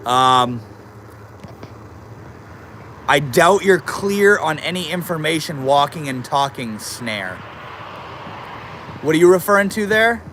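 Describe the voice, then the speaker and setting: A man's voice: on the high side, lively intonation, slow pace, pauses often, fairly bright tone, a little hiss or hum. A man casually chatting on a livestream, reading viewer comments aloud and answering them in a laid-back, slangy way.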